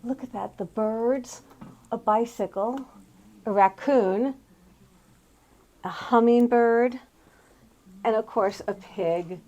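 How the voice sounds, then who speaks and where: A middle-aged woman tours antique and thrift shops on foot in a casual way, fondly admiring the items she points out. Her slightly high voice has a dark tone, and she speaks slowly with long pauses, on dull audio.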